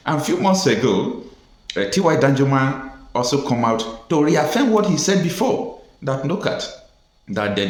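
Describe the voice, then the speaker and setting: A Nigerian man giving an emphatic, deliberate political commentary monologue, pausing often. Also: lowish voice. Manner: emphatic, deliberate, with pauses and fillers. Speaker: commentary vlogger. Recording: echoey room.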